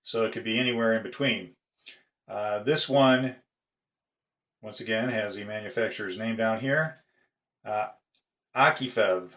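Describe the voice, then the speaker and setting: Slow, halting middle-aged man. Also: on the low side, fairly even intonation, a bit bright. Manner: halting, with frequent "uh" pauses. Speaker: padlock collector. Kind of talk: casual show-and-tell video. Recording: echoey room.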